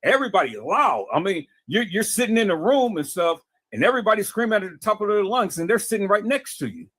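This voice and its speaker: A man's voice: high voice, big pitch swings, fast, fairly bright tone, no echo. A man talking to his viewers in a casual, preachy way, often stammering and repeating words. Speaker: video host.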